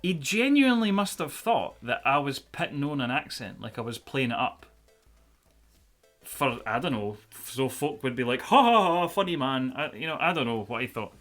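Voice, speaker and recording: A man's voice: medium pitch, lively intonation, moderate pace, fairly bright tone, soft background music. A man in his thirties with a Scottish accent from the central belt, telling rambling, sweary stories in casual chat on a live stream. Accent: Scottish, central belt between Glasgow and Edinburgh. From Scotland.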